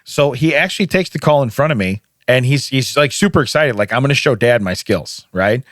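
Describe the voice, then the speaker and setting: A man's voice: medium pitch, expressive, fairly quick, a bit bright, dry recording, studio quality. A middle-aged man hosting a podcast, telling anecdotes in casual chat and acting out the quotes. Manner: easygoing storyteller, acts out quotes. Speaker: podcast host.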